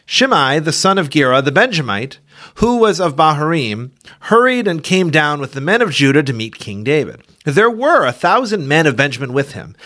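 Man reading scripture, lively pitch. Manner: expressive reading, raises pitch for quoted speech. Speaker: Bible reader.

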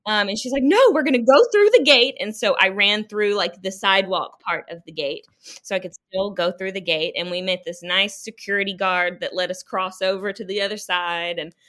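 Woman, bright voice, emotional storytelling, animated retelling, video call. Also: mid-range voice, moderate pace. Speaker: guest runner. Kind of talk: casual storytelling.

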